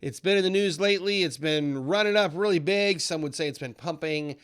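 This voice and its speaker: Middle-aged guy walking thru trading charts, kinda high voice, lively, hams up panicky traders. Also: brisk, clean tone. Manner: animated, mimics panicky traders in quoted asides. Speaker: trading educator. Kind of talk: casual screen-share market explainer.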